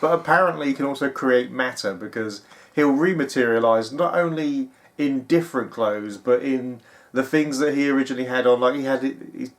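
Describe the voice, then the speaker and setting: Casting note: British man, film podcast co-host, mid-pitched, opinionated, quick to laugh. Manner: opinionated, animated, laughs often. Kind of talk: casual chat.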